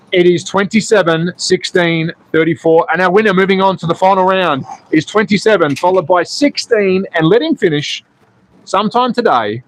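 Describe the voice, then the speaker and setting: A man's voice: a little high, no room sound. An Australian man hosting a slot car racing livestream, calling the races and chatting to viewers in a jokey, casual way. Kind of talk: live race commentary and viewer chat.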